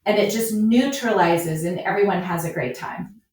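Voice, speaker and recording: A woman's voice: mid-range voice, moderate pace, darkish tone. A woman, a flower farmer and business coach, guest on a podcast, talking in an upbeat and encouraging way. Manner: upbeat, encouraging, acts out quoted voices. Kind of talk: podcast interview conversation. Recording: echoey, distant remote audio.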